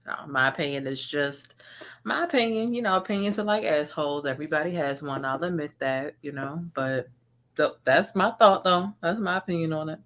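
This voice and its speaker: Low-voiced woman, bright and candid. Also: a little fast. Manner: candid, conversational, trails off and repeats words. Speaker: commentary channel host. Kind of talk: casual live-stream chat.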